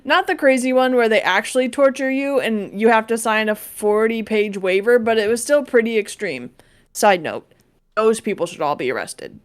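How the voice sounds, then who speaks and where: A woman's voice: on the high side, normal speed. Dry-toned woman podcast host. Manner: dry, unbothered storytelling with side remarks. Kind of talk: casual chat, reading a listener's story aloud.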